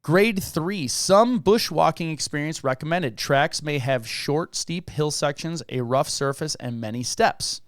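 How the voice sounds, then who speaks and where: A man's voice: a little high, a little slow, few pauses, no echo, clean studio sound. A man co-hosting a casual podcast, reading facts aloud and often laughing and stumbling over words. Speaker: podcast co-host.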